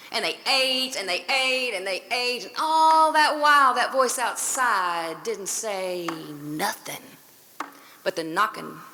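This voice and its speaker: Woman storyteller, rhythmic and dramatic, bright and lively, unhurried. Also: fairly high pitch. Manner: dramatic, rhythmic, dropping to whispers. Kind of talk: folk tale storytelling.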